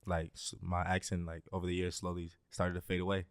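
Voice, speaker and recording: A young man from Greece who talks with an American accent answers questions in an easygoing way, leaning on "um" and "like" as he goes. His voice is low and smooth. The sound is close and dry. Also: monotone, a little fast, no room sound. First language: Greek. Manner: laid-back, many fillers like "um" and "like". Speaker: guest, basketball player. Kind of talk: casual interview chat.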